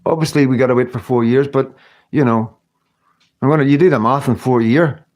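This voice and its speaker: A man's voice: medium pitch, fairly quick, a little mellow, muffled recording. A middle-aged man from the United Kingdom talking earnestly and emotionally to viewers on a live stream, rambling and often restarting his sentences. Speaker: livestream host.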